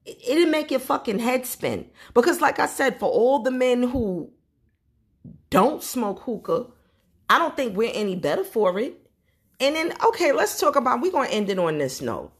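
A husky-voiced woman in her forties hosts a solo podcast in a blunt, profane, storytelling way. Her pitch swings widely and keeps the talk animated. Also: normal speed. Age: 40s. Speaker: podcast host.

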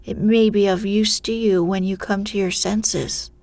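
A woman doing a hoarse mocking mountain spirit. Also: mid-range voice, fairly even intonation, unhurried, a little mellow, dry recording, close to an everyday voice. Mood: solemn. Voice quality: hoarse, grating. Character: shaggy bearded male mountain spirit, mocking, tempting. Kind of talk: whispered storytelling.

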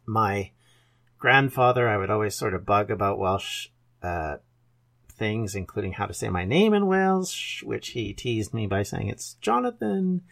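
A man's voice: fairly low pitch, creaky. A Canadian man in his fifties, hosting a podcast and talking about himself in an earnest, rambling way with self-corrections. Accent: Canadian English. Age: 50s. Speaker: podcast host. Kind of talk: casual podcast introduction.

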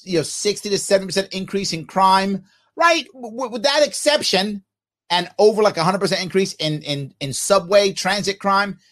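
A man's voice: high-pitched, fairly bright tone. A man hosting a podcast, delivering mocking, sarcastic political commentary. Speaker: podcast host.

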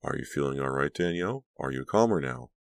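Man as a calm soothing doctor. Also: extremely low pitch, a little fast, vocal fry, dry recording, studio quality, exaggerated voice. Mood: gentle. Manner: soft, gentle, reassuring. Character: calm reassuring male psychiatrist.

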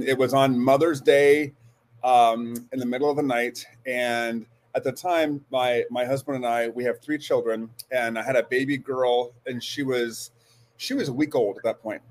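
Earnest man telling a story, halting. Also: medium pitch, darkish tone. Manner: earnest, halting with frequent restarts. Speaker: guest. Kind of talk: storytelling interview.

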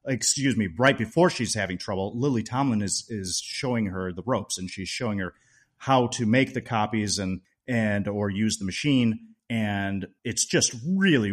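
A man co-hosting a podcast, chatting enthusiastically about a film, with restarts along the way. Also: fairly low pitch. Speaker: podcast co-host. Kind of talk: casual movie review chat.

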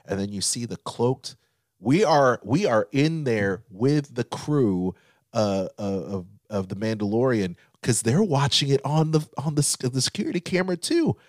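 A man in his thirties, co-hosting a chatty podcast, telling stories with excitement and acting out quotes. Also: mid-range voice, normal speed, no echo, clean studio sound. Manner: excited storytelling, acts out quotes. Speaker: podcast co-host. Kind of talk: casual chat.

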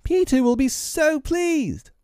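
A man voicing a jealous, spiteful little female fairy in a storybook reading, with a shrill, screaming voice. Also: very animated, slow, a little mellow, dry recording, studio quality, full character voice. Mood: shrill urging.

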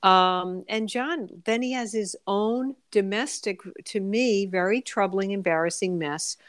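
A woman's voice: mid-range voice, a little slow, dry recording, studio quality. A woman columnist speaking as a guest on a radio talk show, thoughtful and full of hesitations. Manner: hesitant, many fillers and restarts. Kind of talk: radio interview.

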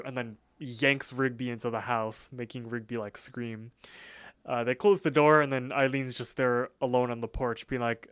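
Male podcast co-host, mid-pitched and resonant, retells cartoon scenes in a relaxed, chatty way. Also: clean tone, no room sound. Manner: retells scenes, quoting characters in quick asides. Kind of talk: casual episode recap.

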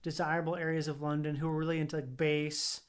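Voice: mid-range voice, flat delivery, quick pace, clean tone. A podcast co-host chatting casually, rambling through lots of fillers and swearing now and then. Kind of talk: casual chat.

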